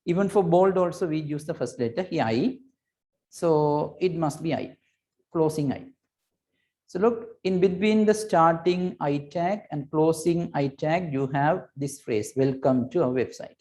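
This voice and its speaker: Mellow-voiced male teacher, patient and repetitive. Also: on the high side, measured pace. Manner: patient, repetitive explaining with frequent checks like "right?" and "okay". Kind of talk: recorded computer lesson.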